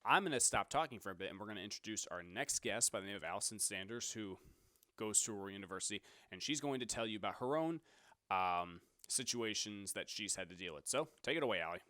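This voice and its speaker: A man's voice: lowish voice, lively intonation, fast talker, bright, forceful tone, no echo, studio quality. A young man hosting a talk show, telling a work story in a casual, rambling way and correcting himself as he goes. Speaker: podcast host.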